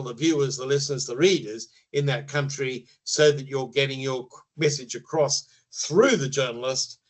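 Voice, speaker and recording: A man speaking as a media-trainer guest in a podcast interview, explaining in a measured way and often pausing to rephrase. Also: mid-range voice, low-quality recording.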